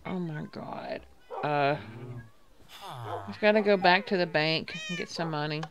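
A woman's voice: sits low, unhurried, crowd noise. Chatty woman narrating her gameplay. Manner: chatty, thinking aloud, reading game lines. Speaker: gaming video host. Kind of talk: casual gameplay commentary.

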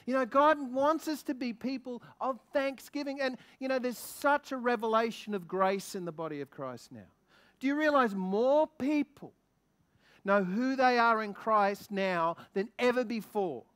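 A man preaching a sermon as a guest minister, excitable and lively, asking the congregation many questions. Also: extremely high pitch. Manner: excitable, quickens when stirred.

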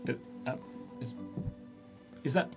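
A man's voice: slow pace, over music. Stammering man playing a tabletop game. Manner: stammering, flustered restarts. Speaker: player. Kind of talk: in-character tabletop role-play.

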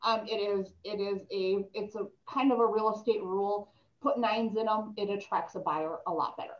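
A woman's voice: mid-range voice, fairly even intonation, normal speed. A woman giving casual real estate advice to a group, chatty and full of stories. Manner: chatty, storytelling, many ums. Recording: echoey room, dull lo-fi sound.

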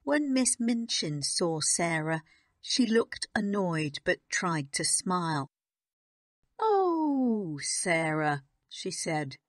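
Woman reading a story for learners, slow and low-ish, dry close sound. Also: dry recording. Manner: slow, clear and even. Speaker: narrator. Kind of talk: graded reader audiobook narration.

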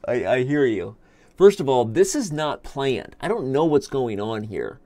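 A man's voice: mid-range voice, sing-song, a little slow, mellow, no room sound. A man in his thirties hosting a live stream, chatting casually and joking while he reads viewer comments aloud. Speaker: chess streamer host.

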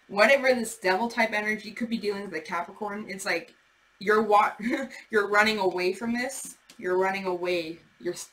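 A woman's voice: mid-range voice, poor audio. Chatty woman reading tarot cards. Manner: chatty, animated, swearing, acting out imagined replies. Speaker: tarot reader.

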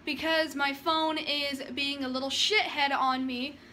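A woman's voice: sits high, steady tone, a little slow, pushed and bright, slight background noise. A woman vlogger chatting nervously with sighs, then reading her own story aloud. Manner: rambling, sighing, nervous. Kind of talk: casual chat and story reading.

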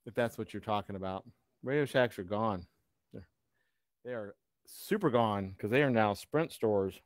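A man hosting a casual live video chat who rambles and cuts in with sarcastic asides. His voice sits at an ordinary pitch, and the sound is close and dry. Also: moderate pace, no echo. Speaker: host.

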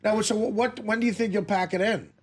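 A man's voice: sits high, steady tone, fairly quick. A man hosting a radio talk show, teasing his guests and laughing often. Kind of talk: casual studio chat.

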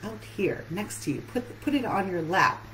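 A woman's voice: medium pitch, animated, normal speed, a bit bright, slight background noise, rough recording. A woman relationship coach giving an earnest live-streamed talk that puts many questions straight to her listeners.

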